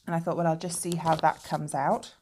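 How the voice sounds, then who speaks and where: A woman's voice: low voice, little pitch movement, a little fast, darkish tone, a little hiss or hum. A woman hosting a knitting podcast, chatting casually and showing her knitting to the camera, with chatty digressions.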